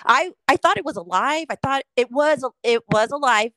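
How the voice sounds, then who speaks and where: A middle-aged woman co-hosting a casual podcast, telling a story with constant swearing and lively animation. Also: high-pitched, moderate pace, no echo. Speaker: podcast co-host.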